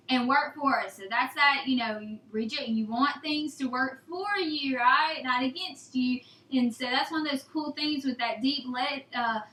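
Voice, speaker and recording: A woman's voice: high-pitched, pushed and bright, reverberant, poor audio. A young woman, chatting folksily through a how-to on raising chicks for her homestead channel, calling viewers "y'all" and "guys". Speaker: homesteading vlogger. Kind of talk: casual how-to talk.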